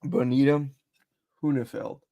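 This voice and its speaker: A man's voice: medium pitch, steady tone, a little slow, creaky, mellow, dry recording. A man co-hosting a casual podcast, joking, swearing and laughing as he reads reviews. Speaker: podcast co-host. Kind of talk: casual chat, reading reviews aloud in put-on voices.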